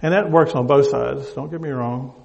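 An older man from the American South with a Southern accent, preaching a sermon in a halting, deliberate way, often repeating words as he searches for them. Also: medium pitch, gravelly, a little mellow, long reverb tail, muffled recording. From Southern United States.

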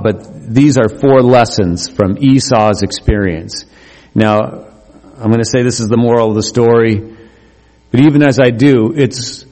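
A middle-aged man preaching a sermon as pastor, animated, climbing to emphatic highs. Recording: long hall reverb.

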